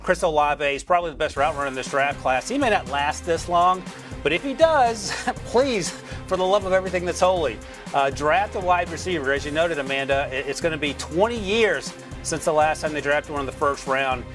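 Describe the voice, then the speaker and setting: A man from North Carolina, a sports analyst guest, talking through draft picks in a quick, joking way on a studio mic. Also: fairly high pitch, over music. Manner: quick, joking, chuckles while explaining.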